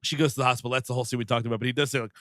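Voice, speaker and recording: A man's voice: medium pitch, fairly even intonation, very fast, fairly bright tone, no echo, clean studio sound. A man co-hosting a comedy movie-review podcast, recapping scenes with many hesitations and acted-out quotes. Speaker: podcast co-host.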